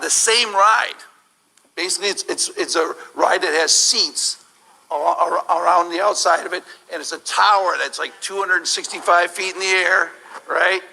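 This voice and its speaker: Gravelly, bright-voiced storytelling man. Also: sits high, poor audio. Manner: animated, laughing, many restarts. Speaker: guest speaker at a church service. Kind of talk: humorous personal storytelling.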